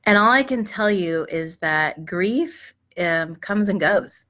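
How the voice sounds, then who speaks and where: Gentle, bright-voiced woman giving advice. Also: on the low side, expressive, slow pace. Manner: gentle, reflective, frequent fillers and restarts. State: clearing her throat. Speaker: host of advice show. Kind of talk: live-streamed advice talk.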